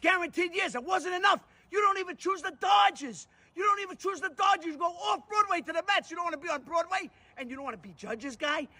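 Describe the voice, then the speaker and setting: A man in a played clip ranting furiously at a ballplayer, shouting and cursing bitterly. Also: extremely high pitch, fast, few pauses. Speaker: angry sports fan in a clip. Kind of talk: furious rant.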